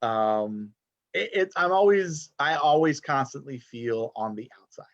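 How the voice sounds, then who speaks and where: Animated man in his forties. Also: medium pitch, measured pace, no room sound, dull audio. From Texas. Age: 40s. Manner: animated, many "like" fillers, mixes in Spanish. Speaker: poet guest. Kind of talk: casual conversation.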